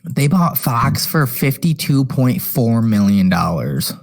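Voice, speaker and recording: Man, podcast co-host, slow talker, musing casual chat, mid pitch. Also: very animated, vocal fry. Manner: musing, thinks aloud with many likes.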